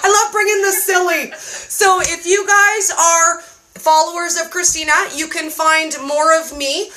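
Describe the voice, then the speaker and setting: A woman with a high, bright voice telling stories with excitable, animated energy. She speaks as a guest in a relaxed, chatty conversation. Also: measured pace. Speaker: guest cookbook reviewer and keto creator. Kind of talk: casual chat.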